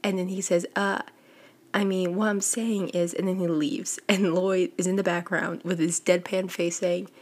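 Husky-voiced woman recapping a manga. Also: fairly low pitch, flat delivery. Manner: chatty, quick retelling with frequent "like" and laughs. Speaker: podcast host. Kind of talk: casual book recap.

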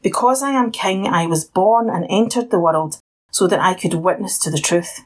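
A woman voicing Jesus, calm and solemn, speaking slowly and quietly with a husky tone in a Bible story reading. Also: lowish voice, lightly acted.

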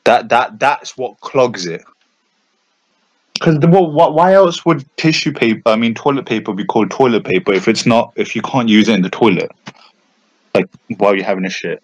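A young man, chatting on a podcast in a rambling, animated way, full of fillers and restarts. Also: mid-range voice, moderate pace, no echo, poor audio. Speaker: podcast co-host. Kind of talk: casual chat.

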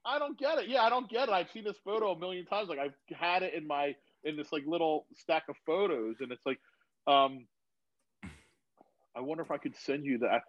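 A man chats over a video call from his phone, rambling through a story and swearing freely. His voice sits a little high and sounds dry and close. The audio is slightly dull. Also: brisk, no echo. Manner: rambling, swears freely, animated when retelling. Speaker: guest.

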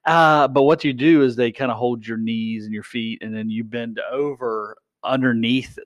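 An American man chatting casually as a podcast co-host, in a voice of ordinary middle pitch. He wanders, stalls and restarts while he searches for words. The sound is dry and close, with no room around it. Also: steady tone, no echo. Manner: halting, loses his train of thought. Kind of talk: casual chat.

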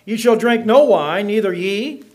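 A man's voice: high voice, expressive, unhurried, darkish tone. A middle-aged man preaching in church, reading scripture and joking with the congregation in a folksy way. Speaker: pastor.

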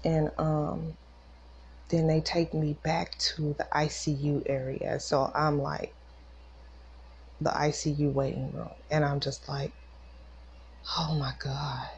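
A woman's voice: sits low, flat delivery, slow pace, a little mellow, lo-fi sound, slight background noise. A woman podcast host telling a personal faith testimony in a casual, emotional way, acting out the voices of the people in her story. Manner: emotional, acts out quoted voices.

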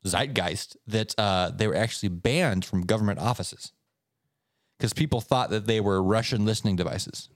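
A man co-hosting a podcast, telling stories in a casual, animated way. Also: normal speed, dry recording, clean studio sound. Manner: animated storyteller, swoops up in pitch for effect. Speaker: podcast co-host. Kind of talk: casual chat, reading stories aloud.

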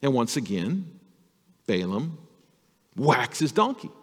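A male pastor telling a Bible story to children in an animated, storytelling sermon. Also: mid-range voice, slow, breathy edge, long reverb tail.

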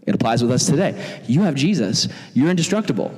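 A man preaching to young people as their pastor, animated and jokey, acting out quotes in funny voices. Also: mid-range voice, fast talker. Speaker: youth pastor. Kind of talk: sermon. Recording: long hall reverb.

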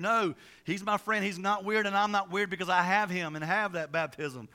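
High, bright-voiced energetic male pastor. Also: moderate pace. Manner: energetic, conversational, many restarts and asides. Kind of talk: sermon.

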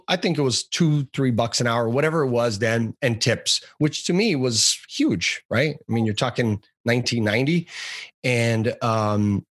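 A man in his forties from Brazil, a podcast guest telling his life story in a relaxed, rambling way with many fillers and restarts. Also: medium pitch, no echo, clean studio sound. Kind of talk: casual interview storytelling.

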